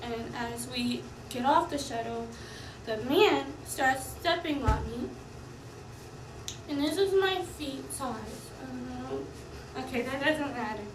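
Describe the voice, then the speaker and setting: A young woman, a college student, giving a rushed, upset retelling of an incident. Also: high-pitched, roomy sound, recorded from a distance, a little hiss or hum, poor audio. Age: young adult. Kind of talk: recorded personal account.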